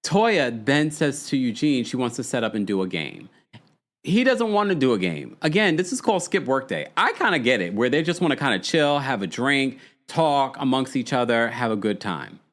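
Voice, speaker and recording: A man hosting a podcast, casually recapping a reality show in animated, chatty commentary with frequent laughs and dramatic asides. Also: mid-range voice, moderate pace.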